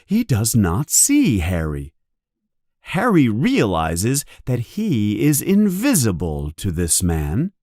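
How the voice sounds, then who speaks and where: The male audiobook narrator reads a learners' storybook in a very slow, clear and careful manner, his darkish voice swinging hugely up and down in pitch. It is recorded close and dry, with no echo.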